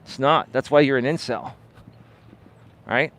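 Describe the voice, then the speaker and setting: A man's voice: medium pitch, a little slow, fairly bright tone. A man hosting a live coaching stream, talking in a dismissive, emphatic way, repeating words for stress and often asking "right?". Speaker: life and dating coach, live-stream host. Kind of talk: unscripted live-stream monologue.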